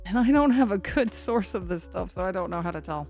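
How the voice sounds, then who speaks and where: A woman's voice: lowish voice, lively intonation, fairly quick, darkish tone, faint music behind. A woman hosting a severe-weather livestream, chatting casually and rambling, self-deprecating as she answers the chat. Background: faint looping song.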